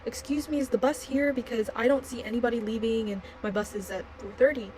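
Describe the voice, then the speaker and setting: This is a worried, polite young woman traveler asking anxious questions, as the narrator quotes her. The voice is fairly high and close to the narrator's own casual way of talking. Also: steady tone, fast talker, darkish tone, a little hiss or hum, close to an everyday voice, low-quality recording.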